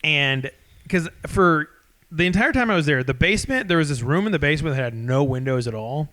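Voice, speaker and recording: A man's voice: on the high side, a little fast. A man in his thirties, co-hosting a podcast and telling crude stories with lots of laughter. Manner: animated storyteller, laughs often, crude. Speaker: podcast co-host. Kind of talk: casual podcast chat.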